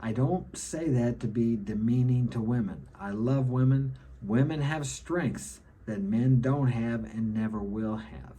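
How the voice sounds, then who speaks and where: A man's voice: medium pitch, a little slow, few pauses, warm tone, breathy edge. A middle-aged man giving an opinionated monologue to camera, lecturing and often ending his points with a checking "okay?". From United States. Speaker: self-help vlogger.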